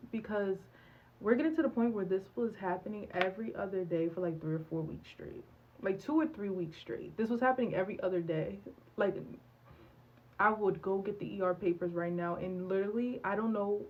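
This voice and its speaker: A woman's voice: mid-range voice, lo-fi sound. Young woman telling a candid storytime. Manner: animated, candid, acts out dialogue with many fillers. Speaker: vlogger. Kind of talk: storytime vlog.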